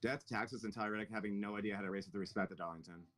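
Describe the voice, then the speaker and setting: A man chatting casually at home while a race plays, swearing and cracking jokes as he reacts. His voice sits a little low. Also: very fast. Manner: joking, swears freely, animated reactions. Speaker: watch party host. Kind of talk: casual chat over a live race.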